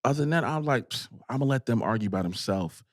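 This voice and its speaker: A man's voice: medium pitch, lively intonation, quick pace, no room sound, clean studio sound. A man guesting on a podcast, chatting casually in a candid, emphatic way and repeating phrases for effect.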